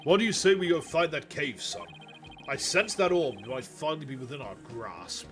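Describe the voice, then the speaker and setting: Man doing a gruff older treasure hunter. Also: expressive, normal speed, over music, lightly acted. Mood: eager. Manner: low, hearty, calls others "son".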